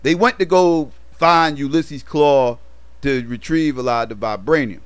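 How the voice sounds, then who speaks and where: A man recaps a movie in a loose, rambling way, full of fillers and slang. His voice is smooth and clean at a middling pitch. The sound is dry, with no room around it. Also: unhurried, no echo. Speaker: movie reviewer. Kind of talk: casual movie plot recap.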